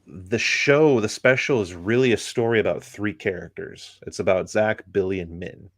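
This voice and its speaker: Low-voiced man giving a rambling critique. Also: normal speed, dry recording, studio quality. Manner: rambling, many ums and likes; opinionated critique. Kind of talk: casual chat.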